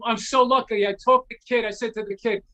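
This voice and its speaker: A man's voice: extremely high pitch, brisk. A middle-aged man, a guest on a show, casually telling a long anecdote, acting out the lines of the people in it and swearing freely. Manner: animated anecdote teller, acts out quotes, swears freely. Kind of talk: casual storytelling.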